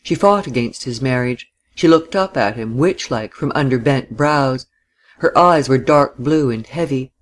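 Measured audiobook narrator. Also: mid-range voice. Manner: measured literary reading. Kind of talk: scripted narration.

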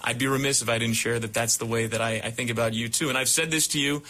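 A young man, a baseball broadcaster, interviewing a mentor and speaking an earnest, deliberate tribute. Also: medium pitch, steady tone, sharp tone.

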